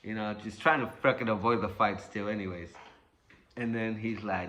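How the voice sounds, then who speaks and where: Man, casual storyteller, bright forceful voice, rambling, heavy swearing, sound effects. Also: on the low side, a little fast, a little hiss or hum.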